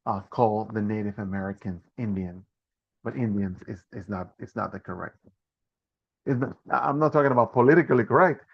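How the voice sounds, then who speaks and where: A man's voice: medium pitch, creaky, dull audio. A man hosting a live online Q&A about a trip, talking with many fillers and restarts. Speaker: host and trip organizer.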